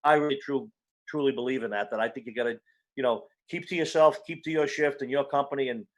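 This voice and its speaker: A male fire chief speaks as a guest on an online panel over a video call. He talks quickly in a mid-range voice, earnest and blunt, stumbling and restarting as he goes. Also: mid-range voice. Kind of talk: casual online panel chat.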